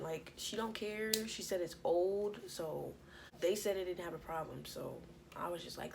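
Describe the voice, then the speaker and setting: Animated young woman telling a storytime. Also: on the low side, normal speed, a little hiss or hum, rough recording. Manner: animated, profane, acts out quotes. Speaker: storytime vlogger. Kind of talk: casual storytelling vlog.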